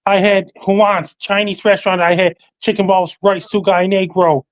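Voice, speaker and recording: A man appearing as a podcast guest, talking in a flat recital that lists facts, dates and handles one by one. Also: sits high, moderate pace. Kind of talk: casual call-in chat.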